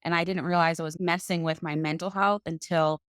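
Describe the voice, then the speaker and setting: A woman guest on a podcast, telling her own story in an animated conversational way. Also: lowish voice, fairly quick, no echo, clean studio sound. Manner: animated, acts out other people's voices in quotes.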